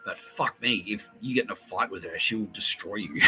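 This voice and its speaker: A man hosting a solo podcast, rambling excitably with lots of swearing and laughter, often acting out what others said. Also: low voice, brisk, hardly any pauses, poor audio. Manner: excitable, profane, laughing, acts out quoted voices. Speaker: podcast host.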